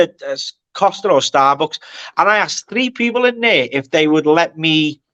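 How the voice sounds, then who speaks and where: A man's voice: high voice, muffled recording. A man in his forties with a Liverpool accent, a guest telling stories animatedly in a casual chat and often checking that he is being followed. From Liverpool, England. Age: 40s. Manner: animated storyteller, checks in with "do you know what I mean". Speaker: guest actor.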